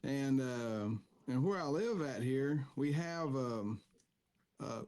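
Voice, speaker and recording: A man's voice: mid-range voice, lively intonation, takes it slowly, a little mellow, clear, resonant tone. A man from North Carolina, hosting a casual podcast chat over a remote call and joking in a rambling way. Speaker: podcast host.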